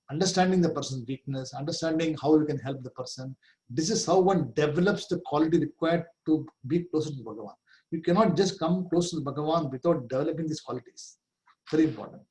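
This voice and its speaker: A man's voice: on the high side, a little mellow, poor audio. Man, middle-aged, scripture teacher, slightly raised voice, chants Sanskrit, asks the class questions. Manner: explains with questions and laughs, chants Sanskrit terms. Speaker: Vedanta teacher.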